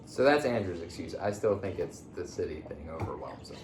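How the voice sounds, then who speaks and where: A young man from the Philadelphia area hosts a casual chat, telling his story in a laid-back way full of fillers and restarts. His voice sits a little low. The room is echoey, with a faint hum behind him. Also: expressive, a little fast. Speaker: podcast host.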